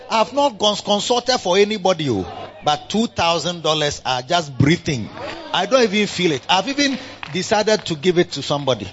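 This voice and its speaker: A man with a Ghanaian accent preaching a church sermon, swinging between loud exhortation and quiet asides, slipping Twi phrases in among the English. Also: high voice, expressive, a little fast, dull audio, a faint crowd. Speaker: pastor. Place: church service.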